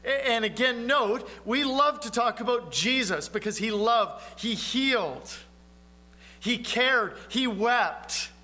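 Pastor guy preaching, high bright voice, earnest and chatty, lots of questions to the crowd. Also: slow pace. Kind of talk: sermon.

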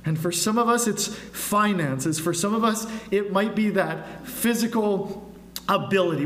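High-voiced man preaching in an echoey church. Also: normal speed. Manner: asks the congregation rhetorical questions. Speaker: pastor. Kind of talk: sermon. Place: church sanctuary. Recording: echoey room with faint hum.

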